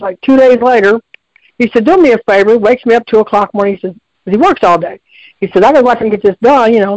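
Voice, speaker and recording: In a dry recording with the highs cut off, a high-voiced man phones in to a radio show. His long story wanders folksily, repeating itself and restarting again and again.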